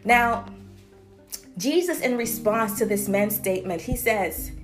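Woman preacher, sermon delivery, emphatic and repetitive, slightly high pitch, faint music bed. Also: animated, unhurried. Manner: emphatic, repeats phrases for stress.

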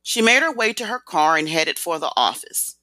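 An audiobook narrator reading a novel with expressive storytelling. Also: mid-range voice, normal speed, no room sound. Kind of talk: scripted narration.

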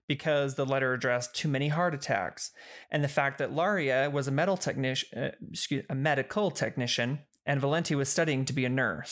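Brief: chatty host telling a case story, mid pitch, conversational, self-correcting. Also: fairly bright tone. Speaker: podcast host narrating a case. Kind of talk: casual storytelling narration.

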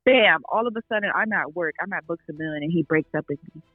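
A woman's voice: lowish voice, fast, no room sound, narrow, tinny audio. A young adult woman, a podcast guest, telling a long personal story in casual chat, full of "like"s and quoted asides. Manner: rambling storyteller, many "like"s.

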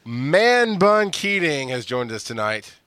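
A man's voice: a little high, very animated, slow, pushed and bright, smooth, no echo. A man hosting a casual podcast, laughing often and poking fun at himself. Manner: laughs often, self-deprecating. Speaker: podcast host.

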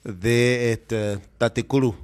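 A young Namibian man co-hosting a morning radio show, talking in a relaxed, agreeable way, often restarting phrases and mixing in Afrikaans. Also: medium pitch, unhurried, smooth. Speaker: radio co-host. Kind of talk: casual radio banter. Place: radio studio.

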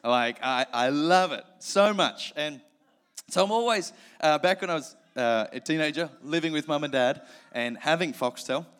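An Australian man preaching at a church service, his voice sitting a little high for a man. He reads the passage with earnest weight, then drifts into loose, self-mocking chat with the congregation. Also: moderate pace, a bit bright, smooth. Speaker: pastor. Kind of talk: sermon with scripture reading and prayer.

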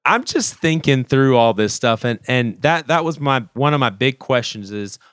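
A man co-hosting a podcast, telling a story in a casual, animated way and often restarting his phrases. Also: medium pitch, moderate pace, clear, resonant tone, no room sound, studio quality. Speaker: podcast co-host.

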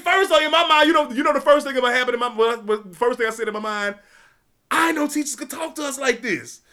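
A young man telling a profane, animated story, swearing freely and shouting as it builds. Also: very high-pitched.

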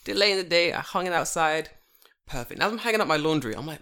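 A young man telling a long story in a casual chat, animated and full of swearing. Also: on the high side, fast, clear, resonant tone.

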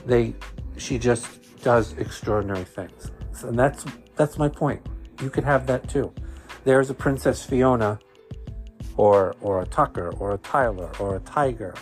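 A man with a Brooklyn accent chats warmly as a podcast host. His voice sits at a middle pitch and he tumbles over repeated words when excited. Faint music plays behind him. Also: unhurried. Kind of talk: casual podcast talk.

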